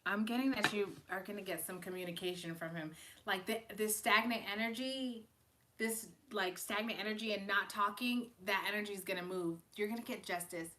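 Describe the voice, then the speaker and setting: A woman's voice: medium pitch, brisk, bright, forceful tone. A young woman giving casual, emotional tarot readings to viewers on a live stream, chatting and laughing as she goes.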